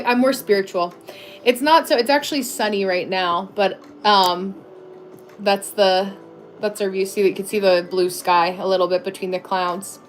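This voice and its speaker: A woman's voice: medium pitch, a little hiss or hum. A woman in her thirties chatting casually on a livestream, answering viewers with lots of fillers and restarts.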